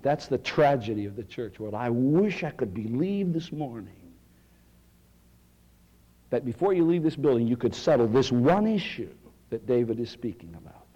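A male preacher, delivering a sermon with dramatic swings from loud cries to near-whispers. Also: medium pitch, lively intonation, normal speed, highs cut off.

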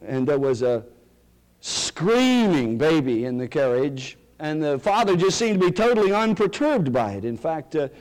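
Storytelling preacher man, slightly high voice. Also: sing-song, normal speed, darkish tone. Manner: storytelling preacher, rising to emphatic declarations. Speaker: pastor. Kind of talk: sermon.

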